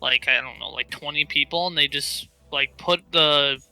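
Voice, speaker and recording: A man's voice: a little high, faint music behind, rough recording. A man co-hosting a gaming podcast, talking casually with lots of fillers and restarts. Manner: animated, halting with many fillers. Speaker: podcast co-host. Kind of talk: casual chat.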